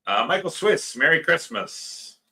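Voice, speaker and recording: A man's voice: fairly high pitch, sing-song, a little slow, creaky, bright, forceful tone. A man co-hosting a livestream, casually reading viewers' comments aloud and joking. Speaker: livestream co-host reading chat.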